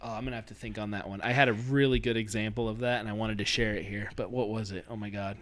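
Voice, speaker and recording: A man's voice: on the low side, steady tone, fast, fairly bright tone. A man co-hosting a podcast in casual chat, rambling and laughing often as he loses his train of thought. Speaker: podcast co-host.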